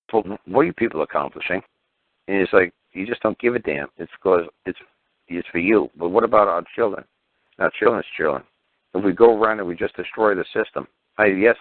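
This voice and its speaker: A deep-voiced middle-aged man rants bluntly on a talk show, cursing freely and acting out both sides of courtroom exchanges. His voice comes through thin and tinny, like a phone line, with no room around it. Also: no room sound. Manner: blunt, profane and combative, acts out courtroom exchanges. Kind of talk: ranting radio call-in talk.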